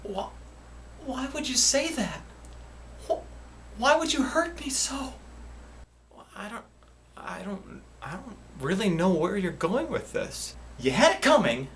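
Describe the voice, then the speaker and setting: A man acting out an overwrought, moody adult with a high, strained voice that swings between whimpering and outbursts. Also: huge pitch swings, a little slow, long pauses, sharp tone, a little hiss or hum, heavily acted. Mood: moody, weepy. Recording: echoey room, distant mic.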